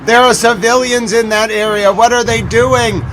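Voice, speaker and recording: A man's voice: very high-pitched, steady tone, normal speed, a bit bright, a little hiss or hum, poor audio. A man hosting a live news recap stream, urgently repeating breaking updates and exclaiming in alarm.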